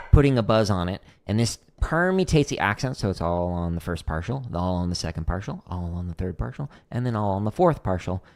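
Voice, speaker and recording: A man's voice: low voice, darkish tone. A man hosting a casual livestream drum lesson, explaining technique as he demonstrates, with frequent "like" fillers.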